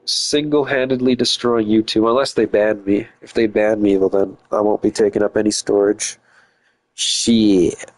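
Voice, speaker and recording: A man's voice: on the low side, steady tone, moderate pace, few pauses, rough recording. A male streamer chatting casually, with crude, profane, boastful trash talk.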